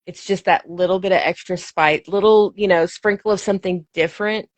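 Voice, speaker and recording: Enthusiastic woman host with a low dry voice. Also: fairly even intonation, a little fast, no room sound. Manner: enthusiastic, hesitant with fillers. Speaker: podcast host, book reviewer. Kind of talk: casual interview chat.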